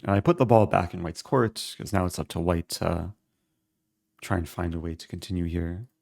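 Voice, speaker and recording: A man streaming live, thinking aloud as he calculates his moves in a relaxed, halting way. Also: low-pitched, gravelly, no room sound, studio quality. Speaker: chess streamer. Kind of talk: live-stream game commentary.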